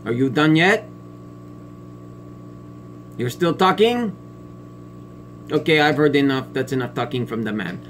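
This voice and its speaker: A man playing a smug, biased female family court judge in a satirical sketch, talking in a pompous, condescending way with drawn-out sneering pauses. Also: on the high side, a little hiss or hum. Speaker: comedic sketch performer.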